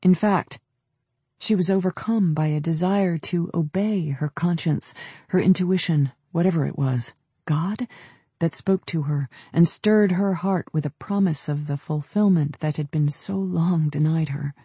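A man narrating an audiobook in a measured, descriptive storytelling manner. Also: on the high side, dark tone, breathy edge, dry recording. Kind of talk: scripted narration.

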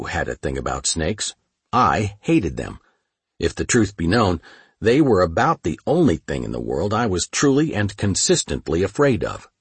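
A man narrating a first-person war memoir in a measured, matter-of-fact way. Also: deep voice, slightly rough, no echo. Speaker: audiobook narrator.

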